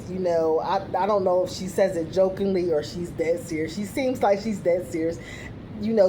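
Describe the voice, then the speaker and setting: Young woman recapping a reality show, mellow tone, lots of "you know"s, kinda sassy. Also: mid-range voice, a little hiss or hum. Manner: chatty, full of "you know" and "um" fillers; blunt, sassy asides. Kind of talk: casual recap commentary.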